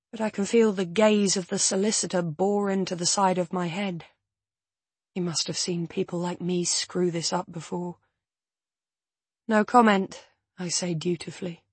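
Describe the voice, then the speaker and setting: Husky-voiced woman narrating an audiobook. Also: on the low side, no echo. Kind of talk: first-person audiobook narration.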